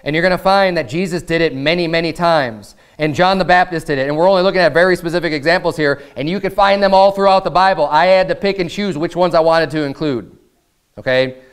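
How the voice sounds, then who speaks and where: American preacher, man, clear resonant voice, slightly high, fervent sermon delivery. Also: fast. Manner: preaching with rising intensity, reading scripture aloud. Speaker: pastor.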